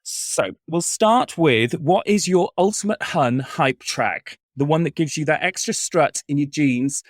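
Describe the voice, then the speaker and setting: A man's voice: a little high, unhurried, no room sound, studio quality. Playful camp man hosting a chat. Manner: camp, playful, breaks into sung snatches and impressions. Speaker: podcast host. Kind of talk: casual chat.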